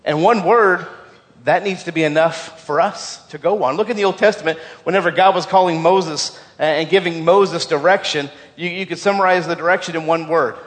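A man preaching in a fairly high voice, earnest and emphatic, repeating his main points so they stick. He often trips over doubled words as he goes. His voice rings out with a long echo from the church hall. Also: a little fast. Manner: frequent stumbles and repeated words. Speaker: pastor. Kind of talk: sermon.

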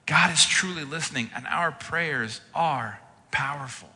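A man delivers a sermon as pastor, slipping into vivid acted-out reactions as he tells stories. His voice is strikingly bright and forceful, a bit higher than most men's. The sound hangs in a long hall reverb. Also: unhurried. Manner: animated storytelling, acting out his own reactions.

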